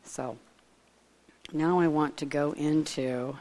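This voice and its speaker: A woman's voice: low voice, steady tone, slow, dark tone. A woman giving an informal, conversational sermon, digressing and speculating aloud as she retells a Bible story. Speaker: preacher.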